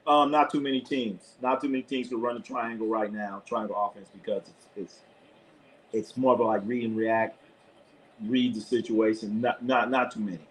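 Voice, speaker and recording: A man giving live play-by-play commentary in a casual sports chat, excitable, shouting at players and swearing casually. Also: medium pitch, fairly quick, a little hiss or hum, rough recording.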